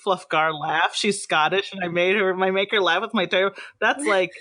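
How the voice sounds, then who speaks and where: A woman's voice: medium pitch, fairly even intonation, a bit bright. A woman co-hosting a podcast as game master, joking and self-mocking in casual banter. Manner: jokey, self-mocking, quick laughs.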